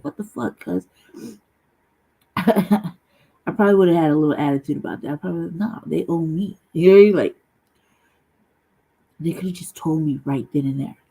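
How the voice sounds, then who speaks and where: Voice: medium pitch, creaky, mellow, slightly rough, low-quality recording. A channel host telling a long personal story in a casual, profane, rambling monologue full of slang.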